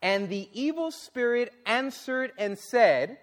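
A man preaching a sermon and reading scripture, exclaiming and questioning the congregation, then dropping to a low, earnest tone for serious points. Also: takes it slowly. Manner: animated, exclaiming and asking the audience questions.

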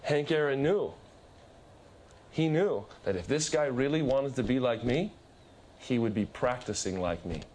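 A man's voice: measured pace, long pauses. A man preaching a sermon, telling a story emphatically with many repetitions. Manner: emphatic storytelling, repetitive, lively shifts in pitch.

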